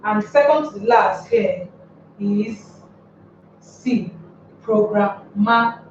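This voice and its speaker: A woman teaching an English lesson on word stress, explaining step by step and repeating words slowly. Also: medium pitch, expressive, darkish tone, a little hiss or hum. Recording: very echoey room, far from mic, dull.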